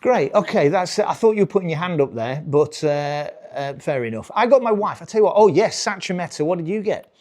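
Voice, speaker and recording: A man's voice: on the high side, expressive, brisk, few pauses, darkish tone. A British man in his forties doing live stand-up, rambling, restarting his sentences and chuckling at his own jokes. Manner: rambling, self-interrupting, chuckling. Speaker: stand-up comedian.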